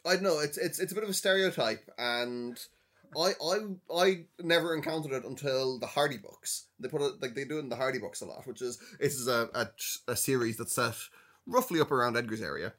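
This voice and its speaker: A man's voice: medium pitch, fairly quick, a bit bright. Irish male co-host, mid-range voice, thoughtful, feels his way through points. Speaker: podcast co-host. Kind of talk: casual chat.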